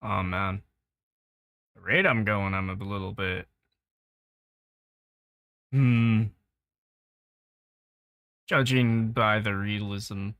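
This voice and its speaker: A man's voice: fairly low pitch, clean tone, no echo, phone-quality sound. A man casually chatting while streaming his art, rambling and laughing easily. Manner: relaxed, rambling, quick to laugh.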